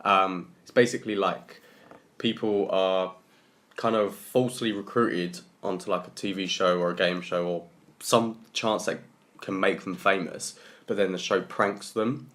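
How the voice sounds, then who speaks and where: A man's voice: low voice, steady tone, measured pace, fairly bright tone. A young man, co-hosting a casual podcast and asking the others questions in a chatty way. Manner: chatty, laughs while telling. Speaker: podcast co-host. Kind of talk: casual chat.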